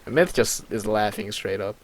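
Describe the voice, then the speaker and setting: Slow-paced man reading out a game's chat. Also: lowish voice, vocal fry. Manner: laughs often, reads out the chat with quick asides. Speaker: let's play host. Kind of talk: reading a roleplay server's chat aloud.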